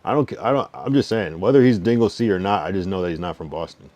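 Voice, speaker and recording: Young male streamer, low register, loose slangy trash talk aimed at chat. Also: animated, a little mellow, dry recording. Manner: teasing, trash-talking banter with swearing and slang; loose, rambling delivery with restarts and drawn-out counting. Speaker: livestreamer. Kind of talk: casual livestream chat, reading and answering chat.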